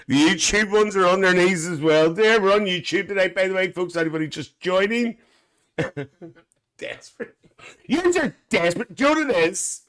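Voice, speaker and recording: A man's voice: high-pitched, lively intonation, moderate pace, a bit bright. A man playing a cheeky, gossipy Northern Irish aunty with a Northern Irish accent, hosting a live stream in chatty, bawdy banter full of cackles.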